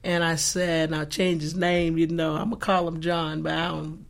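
Expressive woman telling a faith story. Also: deep voice, normal speed, vocal fry. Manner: expressive, acts out the dialogue in her story; earnest, faith-filled. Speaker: guest sharing a testimony. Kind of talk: animated storytelling.

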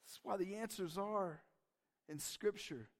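Pastor, male, very high voice, emphatic casual preaching style. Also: unhurried. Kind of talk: sermon.

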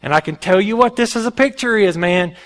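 A male pastor preaching a sermon in an animated, folksy storytelling way. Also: high-pitched, a little fast.

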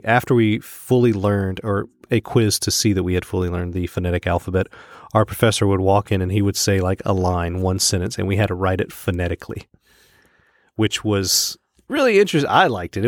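A man co-hosting a podcast in casual chat, telling stories in an animated way and laughing easily. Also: lowish voice, no room sound, studio quality. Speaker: podcast co-host.

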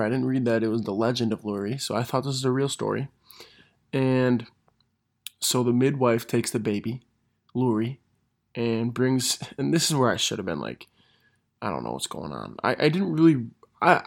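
A young man, a gym teacher, telling funny stories in a casual monologue, laughing through them and correcting himself as he goes. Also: mid-range voice. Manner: laughs through his stories, animated, quick self-corrections.

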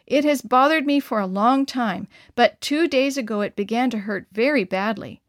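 A rough bandit in pain, now humble and pleading, as a woman reads him. His words come soft and begging, in a fairly high voice. The sound is close and dry. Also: moderate pace, no echo, lightly acted.

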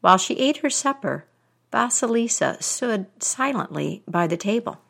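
A woman telling a folktale aloud in a deliberate, expressive way. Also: a little high, vocal fry. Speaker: storyteller.

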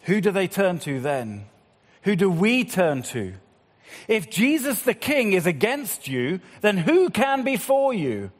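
Man, preacher, sermon, highish voice, shifts from loud appeals to hushed slow lines, long reverb. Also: sing-song. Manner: rises and falls between loud appeals and hushed, slow passages.

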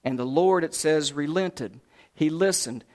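A man preaching a sermon, retelling scripture in a folksy, chatty way. His voice sits a little higher than most men's. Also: measured pace, a little mellow. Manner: folksy, conversational storytelling.

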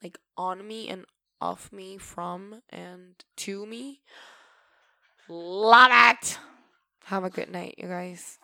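Gravelly-voiced woman podcaster. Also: on the low side, fairly even intonation, slow pace, no echo, studio quality. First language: Spanish. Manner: chatty and emotional, swears casually, bursts of loud laughter-like emphasis. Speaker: podcast host. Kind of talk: casual solo podcast monologue.

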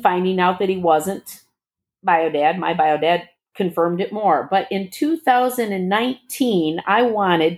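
A middle-aged woman telling her own story as a guest, animated and acting out the dialogue with big leaps in pitch. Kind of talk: personal storytelling.

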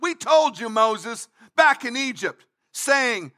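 A man preaching with a very high, piercing, bright voice. He delivers an emphatic livestreamed sermon, reading scripture and repeating key phrases, now and then rising to a shout. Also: sing-song, moderate pace, few pauses. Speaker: pastor.

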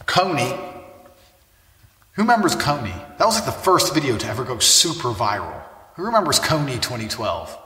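A man's voice: medium pitch, big pitch swings, moderate pace, bright, forceful tone. A man talking casually to camera, brash and boastful, swearing freely as he tells a story. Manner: brash, boastful and heavily profane. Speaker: online personality. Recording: echoey room, mic far off.

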